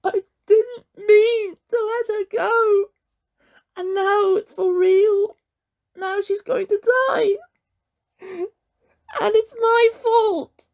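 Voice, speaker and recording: A man reading aloud and voicing a grief-stricken young boy, high and strained, crying and pleading. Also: fairly even intonation, a little slow, pauses often, mellow, dull audio, exaggerated voice. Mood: sobbing. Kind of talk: audiobook reading.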